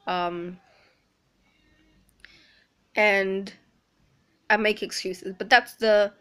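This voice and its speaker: A woman speaking earnestly in a personal confessional vlog, pausing often. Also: medium pitch, fairly even intonation, sharp tone, clear, resonant tone. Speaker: vlogger.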